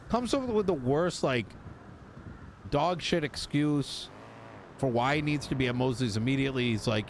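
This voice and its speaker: A man in character as a tow mechanic, spinning a story with a swooping, lively pitch. He swears freely and acts out the lines of the people in his story, with a faint hiss of background noise. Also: moderate pace. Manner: animated, acts out other people's lines while telling a story; swears casually. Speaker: mechanic and tow driver in a role-play server.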